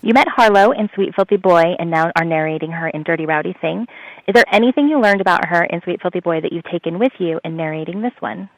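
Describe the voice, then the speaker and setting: A woman's voice: lowish voice, fast talker, no echo, poor audio. A woman author co-hosting an interview, reading friendly prepared questions to a guest.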